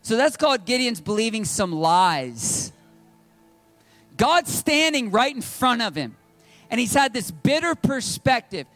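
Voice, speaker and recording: A man's voice: very high voice, very animated, measured pace, fairly bright tone, no echo, soft background music. A man preaching a sermon to his congregation in a conversational, joking way. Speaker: pastor. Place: church service.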